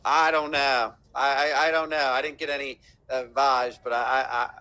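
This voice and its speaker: Bright-toned cursing storyteller, man. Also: medium pitch, fairly even intonation, normal speed, no echo. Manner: profane, storytelling. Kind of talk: casual chat.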